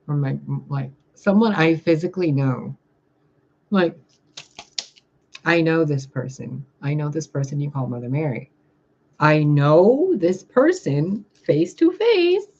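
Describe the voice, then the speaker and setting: A woman's voice: fairly low pitch, dark tone, slightly rough, muffled recording. A woman speaking as a spiritual reader in a blunt, sarcastic, crude casual vlog monologue.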